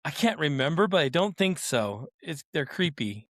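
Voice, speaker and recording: A man's voice: fairly high pitch, sing-song, normal speed, fairly bright tone, no echo, clean studio sound. A man co-hosting a casual podcast chat, teasing and playfully incredulous. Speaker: podcast co-host.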